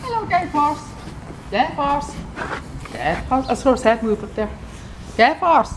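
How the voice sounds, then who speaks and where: A woman with a strikingly high voice talks fondly to horses beside a paddock. She coos and calls out across the fields. She is recorded on a handheld phone, with faint outdoor noise underneath. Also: big pitch swings, a little slow, reverberant. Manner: cooing and calling out to horses. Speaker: horse visitor filming a vlog. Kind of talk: casual chat to horses.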